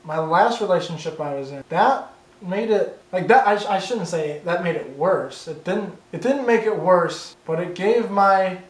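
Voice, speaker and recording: A man's voice: sits high, normal speed, echoey room, poor audio. A young man talking candidly in a vlog, rambling, restarting and tripping over his words, swearing when riled. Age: young adult. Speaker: YouTuber. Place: his own bedroom.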